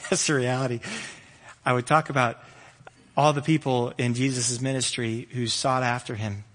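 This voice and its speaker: A man preaching a sermon with energy, rising loud and high when animated. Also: measured pace, long pauses, in a large hall. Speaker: pastor.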